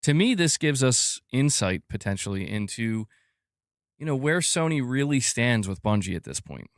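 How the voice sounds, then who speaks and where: A man's voice: medium pitch, moderate pace, no echo, studio quality. A man hosting a gaming news live stream, chatting casually and reading viewer comments. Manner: animated, talks to chat, reads comments aloud. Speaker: podcast host.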